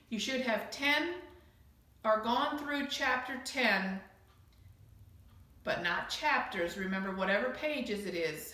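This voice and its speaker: A woman teacher giving a recorded grammar lesson, slow and patient, explaining with repeated examples. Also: a little high, bright, forceful tone. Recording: very echoey room.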